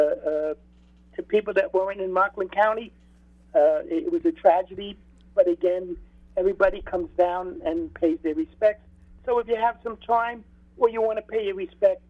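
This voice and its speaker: A man calling a radio show, earnest and halting, over a phone line. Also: high-pitched. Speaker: caller. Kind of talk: phone-in announcement.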